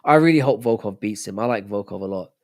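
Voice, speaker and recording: A man's voice: on the low side, animated, quick pace, a little mellow. A young man hosting a casual live stream, chatting loosely and answering viewers' messages as he reads them out. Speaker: livestream host.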